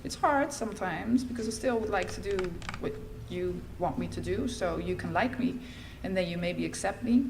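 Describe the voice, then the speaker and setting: At a recovery meeting, a middle-aged Dutch woman shares her personal testimony with candor and wry humor. Her pitch is an ordinary middle range, and a faint hiss runs beneath the recording.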